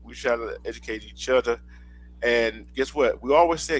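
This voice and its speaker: A man's voice: mid-range voice, normal speed, a little hiss or hum, poor audio. A man hosting a livestream, talking in a preachy way and repeating phrases for emphasis. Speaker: show host. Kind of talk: casual livestream chat.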